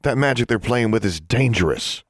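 A man's voice: mid-range voice, lively intonation, moderate pace, dry recording, clean studio sound, voice pushed up, lightly acted. A man voicing a stern, commanding sixteen-year-old boy who growls clipped warnings.

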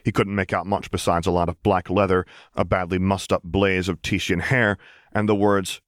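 A man narrating a story with a wry, measured delivery. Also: low-pitched, level tone, no echo, clean studio sound. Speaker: audiobook narrator. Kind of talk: fan fiction narration.

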